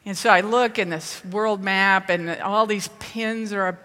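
A woman from the Midwest giving a lively storytelling talk to an audience. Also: medium pitch, measured pace. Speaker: speaker at a ministry event. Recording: reverberant hall.

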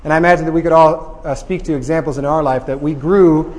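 Energetic man leading a Bible study. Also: a little high, quick pace, long reverb tail. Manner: energetic, joking, asks "right?" often. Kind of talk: lively group Bible teaching.

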